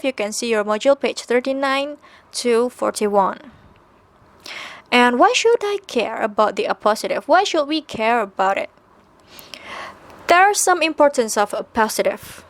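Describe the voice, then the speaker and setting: A woman's voice: sits high, dry recording. A woman teaching a recorded English grammar lesson, explaining patiently step by step with fillers and self-corrections; her first language is Indonesian.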